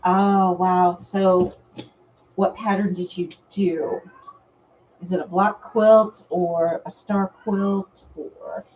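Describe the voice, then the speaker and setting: A woman's voice: on the low side, steady tone, slow pace, a little mellow, highs cut off. A woman hosting a casual live vlog, chatting with viewers by name and laughing often. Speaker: vlog host. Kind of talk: casual live-stream chat. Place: home.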